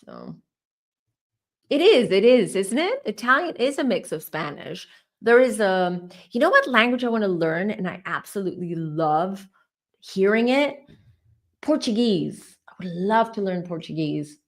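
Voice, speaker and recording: A woman's voice: mid-range voice, big pitch swings, unhurried. A woman whose first language is French, hosting a tarot channel and chatting casually and ramblingly with her livestream viewers.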